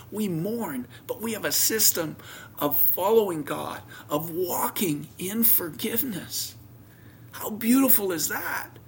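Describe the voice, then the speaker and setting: A man preaching a sermon, telling a homely story, his voice swinging from loud emphasis down to near whispers. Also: sits high, vocal fry, a little hiss or hum.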